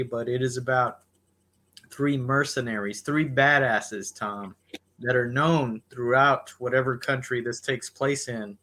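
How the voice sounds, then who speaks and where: A man's voice: medium pitch, sharp tone. A man co-hosting a podcast, recapping a movie plot in a laid-back, chatty way and addressing his co-host by name. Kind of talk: casual movie recap chat.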